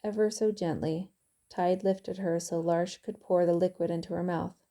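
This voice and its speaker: Woman reading her own book, low pitched, gravelly, calm. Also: moderate pace. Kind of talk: audiobook narration.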